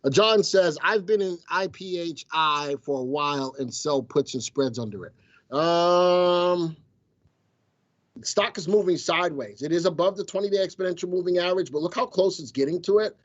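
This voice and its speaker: A man's voice: high-pitched, moderate pace, dry recording, lo-fi sound. Playful man hosting a stock show. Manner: playful, teasing banter with chat. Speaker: stock market show host. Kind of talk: casual live-stream commentary.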